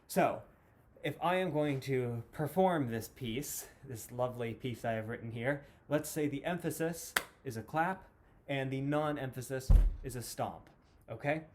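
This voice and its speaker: A man explaining time signatures as a music teacher, patient and clear, counting beats aloud. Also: medium pitch, a little slow, slight background noise. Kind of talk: classroom lesson explanation.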